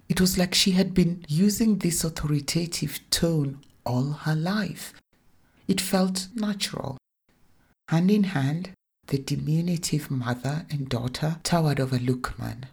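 A woman reading a short story aloud in a calm, measured narration. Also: low voice, creaky, husky.

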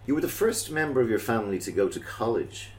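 A male podcast host running a playful mock interview, teasing his guest in a deadpan way with fillers and pauses. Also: medium pitch.

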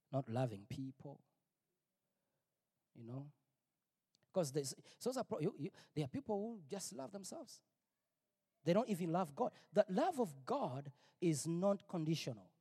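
A middle-aged male pastor preaching a personal testimony, emphatic and repetitive, sometimes rising to near-shouts. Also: high voice, slightly rough. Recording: long reverb, big hall.

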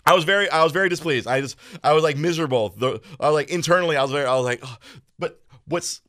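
A man hosting a podcast, chatting casually in a crude, animated way, laughing often and shouting out quoted lines. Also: fairly high pitch, racing, no echo, studio quality. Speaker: podcast host. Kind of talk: casual chat.

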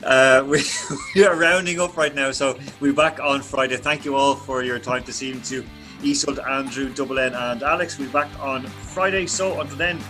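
Male panel host, mid pitch, halting delivery with frequent restarts. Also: bright, forceful tone, faint music behind. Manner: hesitant, many fillers and restarts. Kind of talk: sports discussion panel.

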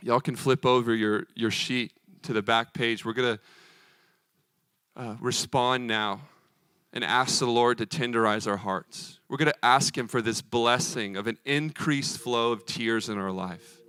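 A male preacher delivers a sermon in an earnest, emphatic way, driving points home through rhythmic repetition. His voice sits at an ordinary middle pitch. The sound is close and dry, with little room echo. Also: fairly even intonation, measured pace, sharp tone, smooth.

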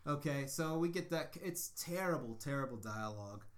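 A young man mocks a bad spy movie with sarcastic, lively storytelling. He talks in a middle-pitched voice and speaks loosely and casually from a home basement studio setup. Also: normal speed. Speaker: podcast co-host. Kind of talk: casual movie-review chat.

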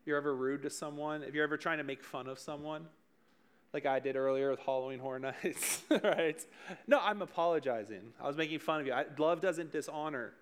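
A young man preaching to teenagers as their youth pastor, with a voice pitched a little high. He keeps it loose and conversational, cracking jokes and asking the room questions. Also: a little fast, clear, resonant tone. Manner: joking, conversational, addresses the room directly. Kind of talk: casual youth sermon.

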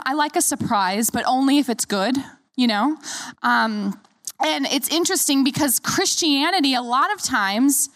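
A woman pastor in her thirties preaches with a bright, high voice. She speaks earnestly and encouragingly to her congregation. The sound is close and dry, with almost no room echo. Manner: earnest, encouraging, leads the congregation in repeating lines. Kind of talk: sermon.

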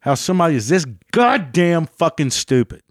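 A man angrily retelling a story, swearing heavily and pitching up when worked up. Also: very animated, moderate pace, no echo, studio quality. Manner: heated, heavy swearing, rising pitch when agitated. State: still angry about the event. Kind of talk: angry personal storytelling.

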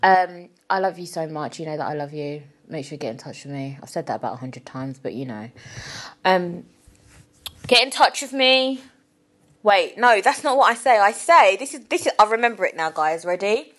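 A woman's voice: mid-range voice, big pitch swings, a little fast. Rambling, giggly young woman podcaster. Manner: rambling, self-mocking, swears freely, giggly. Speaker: podcast host. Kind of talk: casual solo podcast outro.

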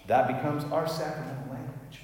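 A man preaching a sermon as pastor, telling the story with lively acted-out voices. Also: medium pitch, fairly quick. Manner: animated storytelling, acting out quoted voices. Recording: echoey hall, heard from a distance.

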